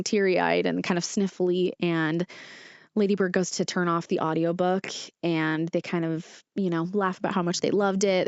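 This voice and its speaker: A woman's voice: lowish voice, no echo, dull audio. Rambling young woman podcast host. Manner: rambling and earnest, many fillers and self-corrections. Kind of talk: casual podcast monologue.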